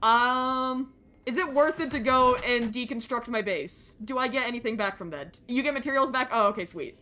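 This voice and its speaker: A woman with a higher, very bright voice chats through a live game stream. She bounces between squealing greetings, quick asides and sudden swearing. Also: slight background noise. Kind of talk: live gameplay stream chat.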